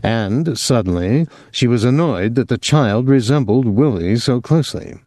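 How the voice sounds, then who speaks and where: A man narrating a novel as an audiobook in a measured, expressive storytelling voice, on a close microphone. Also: mid-range voice, no room sound. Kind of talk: scripted narration.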